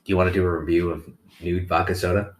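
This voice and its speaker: Low-voiced dude on a couch podcast, sarcastic and easygoing, bit of hiss. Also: male voice, quick pace. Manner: relaxed, dry sarcastic humor. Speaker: podcast co-host. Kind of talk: casual chat. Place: living room couch.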